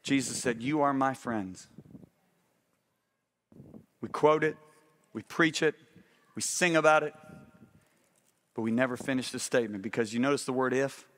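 A middle-aged man preaching a sermon, animated and often asking the congregation if they follow him. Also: medium pitch, normal speed, long pauses.

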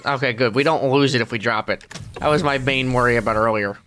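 Talking fast in a mid-range voice lowered from his own, this gamer gives a lightly acted let's play as a tired, irritable middle-aged squid. The grumbling is sarcastic and full of deadpan asides, with a little background noise.

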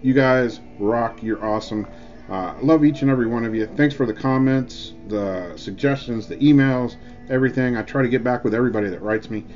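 A man's voice: medium pitch, a little fast, a little mellow. A man rambling through a casual, jokey vlog review, full of filler words. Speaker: e-juice reviewer. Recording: dull lo-fi with faint music.

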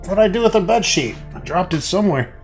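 A man's voice: high-pitched, animated, quick pace, faint music behind. A man hosting a let's play, reading out a text adventure game and muttering casual, profane comments.

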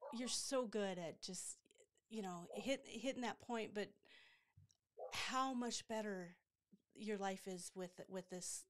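A woman's voice: mid-range voice, slow. A woman hosting a casual interview. She talks with an enthusiastic, gushing manner and a mid-range voice. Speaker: host.

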